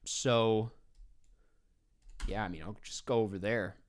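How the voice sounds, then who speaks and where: Slow, muttering man playing a guessing game. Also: fairly low pitch, fairly even intonation. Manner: thinking aloud, mutters and swears at his guesses. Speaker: podcast host playing a geography guessing game. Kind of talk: casual gameplay commentary.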